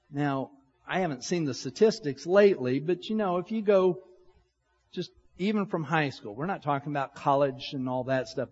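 A middle-aged man preaching a sermon in a conversational, storytelling manner. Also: high voice. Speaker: pastor. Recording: long hall reverb, dull lo-fi sound.

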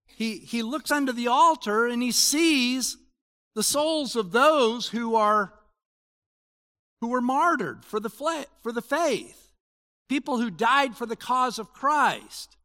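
A man in his sixties preaching a sermon in a conversational way, moving between loud emphasis and quiet asides. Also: extremely high pitch, lively intonation, slow pace. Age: 60s. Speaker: pastor.

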